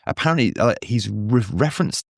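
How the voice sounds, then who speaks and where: A man's voice: medium pitch, expressive, brisk, gravelly, no room sound, studio quality. A man guest on a podcast, chatting casually with rambling, self-mocking asides. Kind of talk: casual chat.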